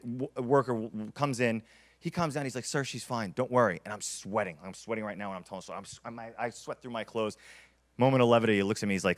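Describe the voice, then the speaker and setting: A man in his thirties giving a motivational keynote, telling stories dramatically and repeating key lines for emphasis. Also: lowish voice. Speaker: keynote speaker.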